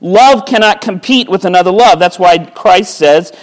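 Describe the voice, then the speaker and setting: A man's voice: sits high, moderate pace, hardly any pauses. A male pastor preaching a sermon in a conversational way, asking his listeners rhetorical questions and restarting phrases by repeating words. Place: church sanctuary.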